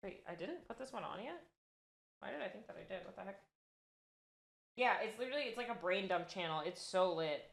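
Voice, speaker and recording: A young woman streamer chatting casually and rambling excitedly while she crafts at home. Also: medium pitch, fairly quick, gravelly, long pauses. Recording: roomy room echo.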